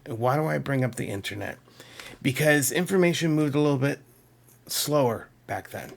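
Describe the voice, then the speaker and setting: Gravelly-voiced man chatting about his collection. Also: medium pitch. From Massachusetts. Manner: enthusiastic, rambling, frequent asides to viewers. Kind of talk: casual chat to camera.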